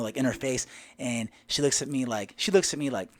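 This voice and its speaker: A man telling a personal story in a lively way, retelling the dialogue line by line. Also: medium pitch, brisk. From Southern United States. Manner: animated, retells dialogue with "I go" and "she goes".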